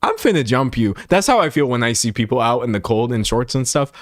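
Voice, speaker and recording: A young male streamer from Texas chats casually with comments at a quick pace, his mid-range voice recorded dry and close. He's animated and plays up quotes with mock-dramatic voices, in a home room with a set backdrop.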